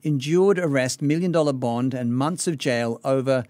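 A radio host from Australia talks through a news story in a relaxed, conversational way. His voice sits in a middle range. The sound is close and dry, from a studio mic. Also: medium pitch, moderate pace, no echo. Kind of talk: casual radio chat.

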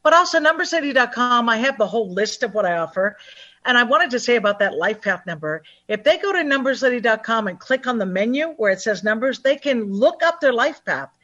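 A woman talking as a numerologist guest in an interview, upbeat and chatty, acting out other people's lines in lively voices. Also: fairly high pitch, brisk, dull audio. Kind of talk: phone-in interview, animated and chatty.

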